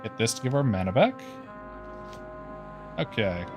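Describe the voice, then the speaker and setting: A man's voice: fairly low pitch, expressive, measured pace. Man streaming a game over music. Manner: casual, swears freely. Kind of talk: casual gaming stream commentary.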